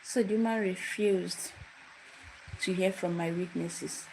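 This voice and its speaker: A woman's voice: lowish voice, steady tone, takes it slowly, gravelly, poor audio. A young woman, telling a personal story on a livestream in a casual, emphatic way and repeating phrases for emphasis. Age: young adult. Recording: loud background noise with clicks.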